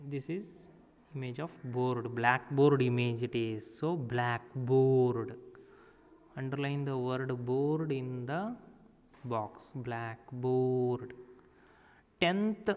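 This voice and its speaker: Man, teacher, children's grammar lesson, smooth resonant voice, echoey room. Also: medium pitch. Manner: slow, deliberate, spells words out letter by letter. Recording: echoey room with long reverb.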